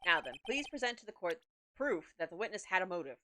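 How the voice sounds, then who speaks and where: A woman's voice: lowish voice, very animated, fast, noisy background. A woman voicing a stern, bumbling older male judge from a courtroom game. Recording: game music underneath.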